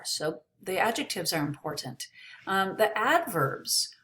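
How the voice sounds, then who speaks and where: A woman teaching an English lesson, explaining in a slow, clear way. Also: medium pitch, big pitch swings, sharp tone, slight background noise. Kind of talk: ESL lesson.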